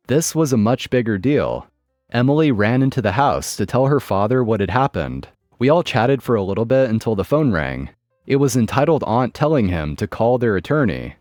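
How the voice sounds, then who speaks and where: Male narrator for a story read aloud, expressive, with a dry studio sound. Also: mid-range voice, no room sound. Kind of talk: reading a forum story aloud.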